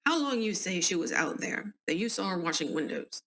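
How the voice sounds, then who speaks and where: A male inquest official questioning a witness, read aloud by a woman with a Southern US accent. The questions come plainly, in a lowish voice, read from a transcript. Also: big pitch swings, fairly quick, fairly bright tone.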